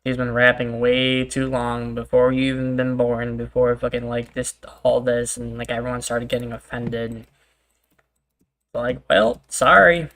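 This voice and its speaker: Young male gaming streamer, casual rambling banter, bright voice, little pitch movement. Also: flat delivery, a little slow. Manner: laid-back, rambling, swears freely, laughs things off. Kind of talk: casual chat while gaming.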